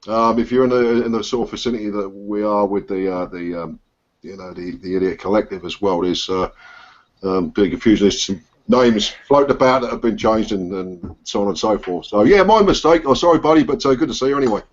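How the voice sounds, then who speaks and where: A lowish voice, a little fast, belongs to an English man with a Suffolk accent running a relaxed biker chat over video call. He's talkative and meandering, with frequent fillers and restarts, and the audio is dull and lo-fi.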